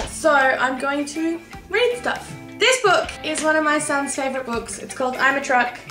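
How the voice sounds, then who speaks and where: A playful woman introduces her own reading video with self-deprecating humour. Her voice is high and bright, with lively swings in pitch. The room is echoey and faint music plays behind. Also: moderate pace. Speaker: reader and video host. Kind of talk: casual vlog intro.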